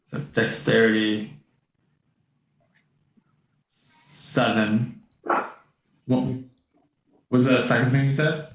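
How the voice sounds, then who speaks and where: Slow, hesitant man player. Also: medium pitch, steady tone, echoey room, low-quality recording. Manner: hesitant, many ums. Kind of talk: casual tabletop game play.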